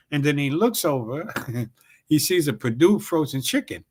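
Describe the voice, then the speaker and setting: A middle-aged man, a comedian and show host, telling a joke and a backstage story in casual, animated talk. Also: fairly high pitch, moderate pace.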